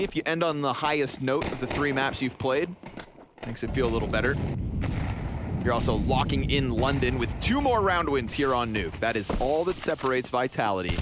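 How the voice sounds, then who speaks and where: A man calling live esports play-by-play with animated, vivid commentary. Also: medium pitch, noisy background.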